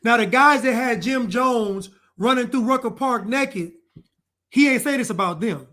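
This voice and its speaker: A man's voice: very high voice, a little slow, bright, forceful tone. A man delivering an opinion commentary monologue, emphatic and repetitive as he hammers his points home. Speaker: online commentator.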